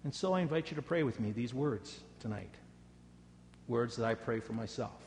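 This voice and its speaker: A male pastor preaching a sermon, telling stories dramatically and dropping to a soft voice for prayer. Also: medium pitch, expressive, moderate pace, in a large hall, a little hiss or hum. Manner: dramatic storytelling, rising loud for quoted taunts, dropping soft for prayer.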